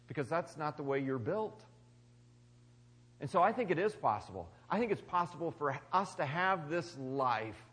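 A man giving a conversational sermon as pastor, swinging between loud emphasis and quiet, hushed lines. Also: fairly high pitch, slightly rough, long reverb tail. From United States.

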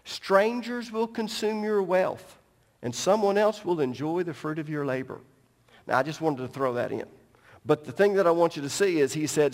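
A man with a notably high voice delivers an animated, emphatic sermon in a church, breaking off for joking asides. His voice rings out with a long hall reverb around it. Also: moderate pace. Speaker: pastor. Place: large church sanctuary.

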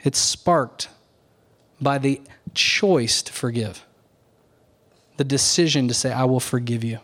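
Man preaching a slow, earnest sermon. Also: mid-range voice, a bit bright. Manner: earnest, measured preaching with slow deliberate emphasis. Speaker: pastor.

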